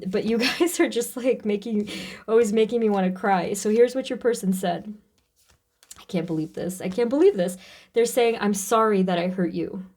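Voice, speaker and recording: A woman giving a casual tarot reading, talking in a halting, emotional way with many fillers and restarts. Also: medium pitch, darkish tone. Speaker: tarot reader.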